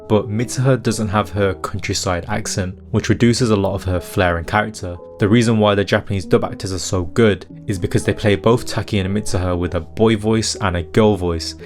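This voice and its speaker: A man with a low, deep voice narrates a scripted video essay and lays out his analysis point by point. He sounds critical and opinionated, and soft guitar music plays faintly behind him. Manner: analytical, critiquing translation choices.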